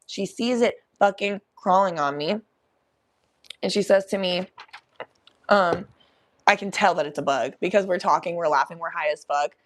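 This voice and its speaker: Animated, cursing young woman storyteller. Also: on the low side, normal speed, pauses often. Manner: animated, profane, laughing storyteller. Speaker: podcast host. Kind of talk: casual storytelling.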